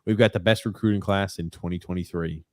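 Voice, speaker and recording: A man hosting a casual sports podcast, chatty and easygoing as he reads out listener comments. His voice sits on the low side, and the sound is dry and close with no room around it. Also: fairly even intonation, fast talker, no echo. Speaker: podcast host.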